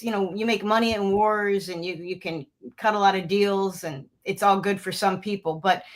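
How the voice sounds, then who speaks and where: A woman who is a retired military officer, answering interview questions earnestly and with many hesitations. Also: medium pitch.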